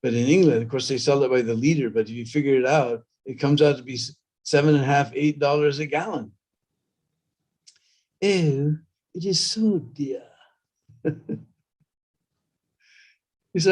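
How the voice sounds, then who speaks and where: A man's voice: mid-range voice, moderate pace, long pauses, darkish tone. A man preaching a storytelling sermon, talking conversationally and prompting listeners with "hmm?" and "huh?".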